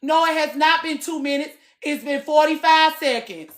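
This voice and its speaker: A woman in her late thirties, chatting casually to her viewers from the gym. She talks in an animated way, swings between loud and soft, and swears freely. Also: high voice, normal speed. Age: late 30s. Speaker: vlogger. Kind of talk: casual chat to camera.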